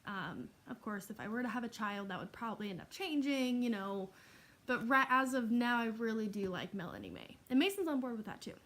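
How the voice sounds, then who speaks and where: Chatty young woman vlogging. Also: fairly high pitch. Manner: chatty, laughing, with frequent "um" and "like". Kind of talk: casual Q&A vlog.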